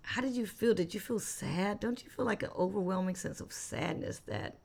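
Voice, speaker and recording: Woman podcast host, gravelly fry, eager casual chatter, many restarts. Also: mid-range voice, animated, a little mellow. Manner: enthusiastic, talks in quick restarts. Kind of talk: casual chat.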